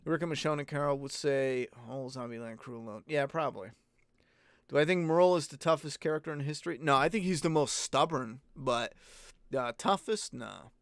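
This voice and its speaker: A man's voice: a little high, moderate pace, no echo, studio quality. A man hosting a casual live-stream Q&A, talking bluntly and rambling, with plenty of swearing. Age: adult parent. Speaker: host answering viewer questions.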